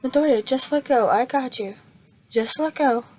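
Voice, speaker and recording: A woman voicing a calm, protective teenage girl who speaks in a soothing, reassuring tone in a fan-made story reading. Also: high voice, normal speed, voice pushed up.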